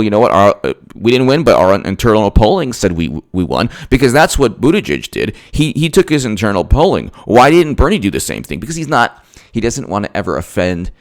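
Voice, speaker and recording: Low-voiced guy ranting politics, voice jumps all over, keeps repeating himself. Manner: emphatic, repetitive, rhetorical questions. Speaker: political commentator.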